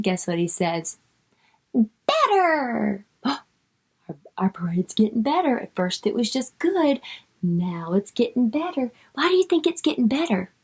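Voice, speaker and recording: Slow, lively woman reading to kids. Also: a little high. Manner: coaxing, asks the child questions; stretches out words when reading. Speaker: teacher reading to children. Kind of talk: reading a picture book aloud to young children.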